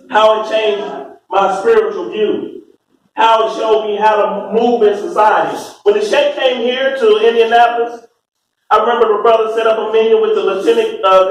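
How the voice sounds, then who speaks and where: A middle-aged American man giving an impassioned religious address to a room full of people, fervent and often rising to shouts. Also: high-pitched. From United States. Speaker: speaker at a religious gathering. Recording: very echoey hall, mic far off.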